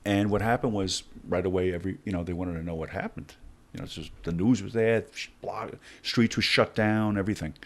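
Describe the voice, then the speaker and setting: A middle-aged man with a very low voice recounts his experiences as a podcast guest. He acts out the dialogue in lively turns, speaking in conversational bursts. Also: fairly quick. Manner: animated storyteller acting out dialogue. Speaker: guest, former hostage negotiator. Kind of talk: storytelling in a podcast interview.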